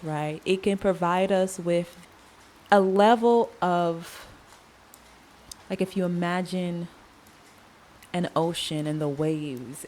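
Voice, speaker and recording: A woman hosting a solo podcast, talking in an earnest, conversational way with long pauses and casual slang. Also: lowish voice, a little mellow, slight background noise. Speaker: podcast host. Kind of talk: reflective solo podcast monologue.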